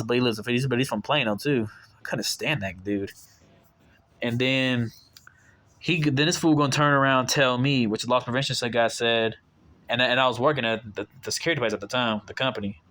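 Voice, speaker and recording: Rambling young man. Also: a bit bright. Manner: rambling, frequent fillers and restarts, exasperated asides; voices his own quoted retorts in a sharply raised pitch. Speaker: vlogger telling a work story. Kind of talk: casual storytelling to viewers.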